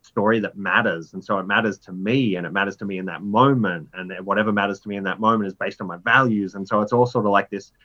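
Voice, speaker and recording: A man's voice: fast talker, hardly any pauses. Rambling man telling stories, lo-fi sound. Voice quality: rambling, lots of "like" fillers. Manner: animated storyteller, jumps pitch for inner voices. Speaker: writer, interview guest. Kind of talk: casual conversational interview.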